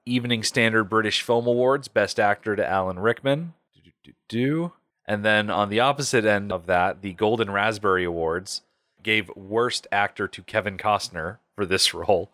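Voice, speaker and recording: A man with a low voice co-hosts a casual movie podcast. He reads out box office numbers and critics' quotes, then adds wry asides. The sound is dry and close. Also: moderate pace, sharp tone, no room sound. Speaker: podcast co-host. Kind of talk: casual movie review chat.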